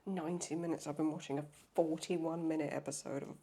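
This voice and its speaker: A young woman with a husky, breathy voice, sick with a cold, talks through her reaction to a show. Her tone is dark and mellow, bursting into exclamations and swearing as the scenes unfold. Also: sits low, fairly even intonation, fast talker. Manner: emotional, exclamatory, swears often. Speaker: reaction video host. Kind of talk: casual reaction commentary.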